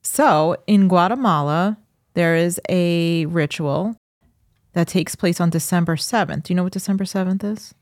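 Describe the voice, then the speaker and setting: A woman with a softened New York accent, co-hosting a podcast in casual, chatty conversation. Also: fairly low pitch, normal speed, no echo, clean studio sound. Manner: chatty, thinks aloud with restarts. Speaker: podcast co-host. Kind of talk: casual chat.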